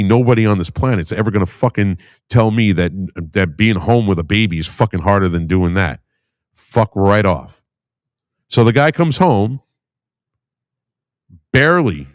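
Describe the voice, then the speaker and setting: A man's voice: on the low side, no room sound, studio quality. A man ranting heatedly in a debate, combative and full of profanity.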